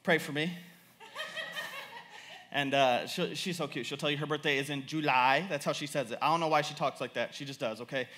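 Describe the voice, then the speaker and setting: Telling stories about his daughter, a young preacher delivers his sermon with lots of animation and repetition. Laughter comes easily to him, and his voice readily climbs in pitch.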